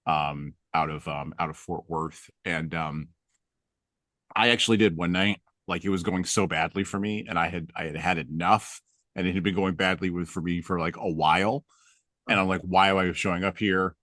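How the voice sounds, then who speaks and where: A man's voice: low-pitched, a bit bright, no room sound, studio quality. A middle-aged man hosting a casual chat, telling wry, self-deprecating stories with chuckles. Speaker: podcast host.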